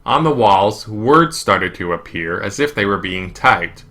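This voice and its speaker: A man reading a children's novel aloud in first person, with a lively, emphatic delivery. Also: fairly low pitch, unhurried, hardly any pauses. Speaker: audiobook reader. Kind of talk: first-person storybook narration.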